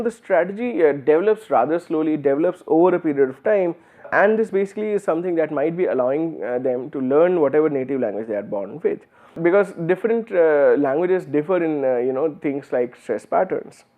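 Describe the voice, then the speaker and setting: Male lecturer with an Indian English accent, slightly high voice, explanatory and full of fillers; narrow, phone-like recording. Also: animated, a little fast. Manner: explanatory, uses many fillers and restarts. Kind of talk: university lecture.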